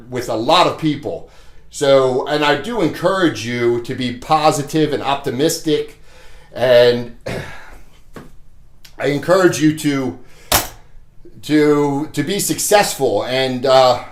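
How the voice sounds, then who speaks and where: A man's voice: mid-range voice, echoey room. A man coaching salespeople in a blunt, casual pep talk, chuckling between points and often checking in with "okay?". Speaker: Medicare sales trainer. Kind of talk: casual motivational training talk.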